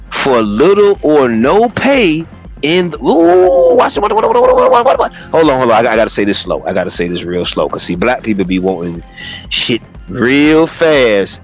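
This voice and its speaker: A man hosting a livestream, reading a text aloud and breaking off into loud, profane commentary. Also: a little high. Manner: animated, profane, reads a text aloud and riffs on it. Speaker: livestream host.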